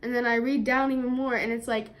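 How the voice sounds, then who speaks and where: A young woman vlogger telling a story in a chatty way, with lots of fillers, and getting animated when she quotes herself. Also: fairly high pitch, fast. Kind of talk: storytime vlog.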